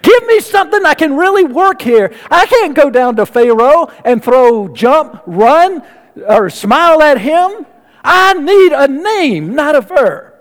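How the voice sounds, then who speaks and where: A man preaching and voicing Moses as a stubborn man arguing back with God, emphatic and animated. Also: extremely high pitch, unhurried, pitched above the performer's own voice, full character voice. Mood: exasperated. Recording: reverberant hall.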